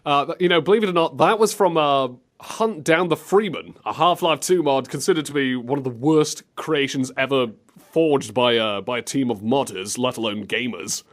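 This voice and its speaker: A man's voice: mid-range voice, moderate pace. A man hosting a comedy podcast, giddy and laughing often as he mocks game clips. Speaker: show host.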